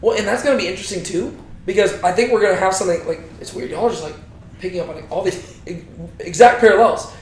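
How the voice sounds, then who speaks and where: A young man leading a casual Bible study, lively and conversational, asking his group questions as he explains the text. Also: sits high, quick pace, slight background noise. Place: echoey room with a small group. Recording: roomy echo.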